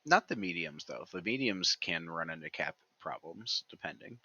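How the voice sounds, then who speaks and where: A man's voice: low-pitched, expressive, moderate pace, sharp tone. A man explaining game mechanics in a matter-of-fact way during a casual chat. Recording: dull dry lo-fi mic.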